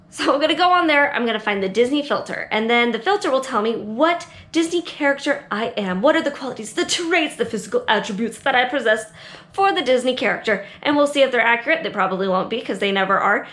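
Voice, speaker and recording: A woman's voice: fairly high pitch, fast talker, fairly bright tone. A young adult woman hosting an art channel, chatting playfully to kids in a bubbly, jokey way. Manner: bubbly, jokey, talks to herself. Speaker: art teacher and channel host. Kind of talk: playful casual vlog talk to kids.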